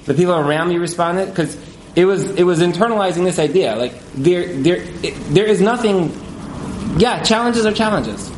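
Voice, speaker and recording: Man, casual storytelling talk, fillers and chuckles, somewhat high voice, echoey hall, faint noise. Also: lively intonation, moderate pace, darkish tone. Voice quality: frequent fillers and chuckles, conversational. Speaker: speaker at a community event. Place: room with a live audience.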